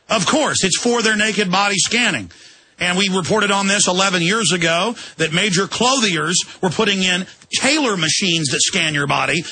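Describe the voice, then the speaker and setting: Agitated talk radio man, high and bright. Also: slightly rough, no echo. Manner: agitated, emphatic, rambling. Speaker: radio host.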